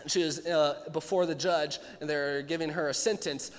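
Young guy pastor, kinda high voice, chatty sermon with funny voices, big echoey hall. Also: steady tone, moderate pace. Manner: casual storytelling with playful voiced asides.

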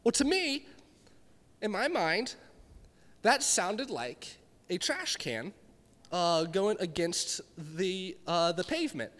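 Young man, youth sermon, animated storyteller, high-pitched, long hall reverb. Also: slow pace, long pauses. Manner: animated storytelling, acts out his own reactions. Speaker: youth pastor. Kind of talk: youth sermon with personal stories. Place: church hall with live audience.

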